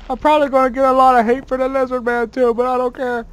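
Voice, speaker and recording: A man doing let's play commentary as a gaming host, excitable and quick to swear, yelling at sudden scares and bragging playfully. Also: very high voice, slight background noise. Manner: playfully boastful.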